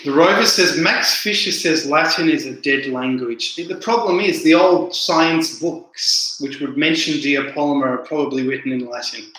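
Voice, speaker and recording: A man's voice: on the high side, moderate pace, hardly any pauses, bright, forceful tone. Rambling man in a very echoey room. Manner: rambling, repeats words, answers viewer comments. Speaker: livestream host reading chat. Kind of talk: casual livestream chat. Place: indoor room, home livestream.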